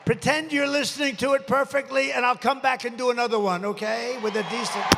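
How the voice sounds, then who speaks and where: An older man in his seventies rails from a rally podium in a high, gravelly voice, rambling and boastful, ready to pick a fight. His throat sounds strained from shouting. The sound carries a long arena echo over a faint crowd. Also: fairly even intonation, fairly quick, very noisy. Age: 70s. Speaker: presidential candidate. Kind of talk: off-the-cuff campaign rally speech. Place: large indoor rally venue. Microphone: podium microphone.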